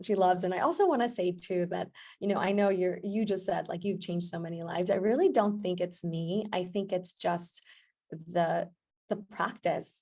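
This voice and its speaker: A woman with a low-pitched voice tells a story on a podcast, lively and expressive. She is a yoga instructor and chats casually, and she often acts out the voices of the people in her story. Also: vocal fry. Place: podcast recording.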